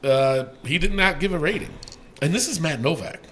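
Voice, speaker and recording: A man co-hosting a casual podcast, reading listener ratings aloud in a loose, profane way that swings from mumbling to yelling. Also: on the high side, animated, normal speed, slight background noise.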